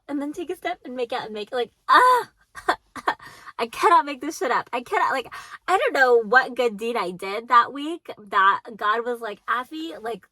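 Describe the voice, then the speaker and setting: A woman's voice: fairly high pitch, pushed and bright, dry recording. A woman in her twenties telling a dating story to her viewers in casual storytime chat, giggly and full of "like". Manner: chatty, giggly, heavy on "like". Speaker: vlogger.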